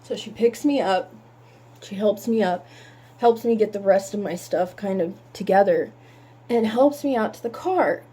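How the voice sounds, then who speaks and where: A woman telling a painful personal story in halting words, holding back tears. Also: medium pitch, dark tone, husky.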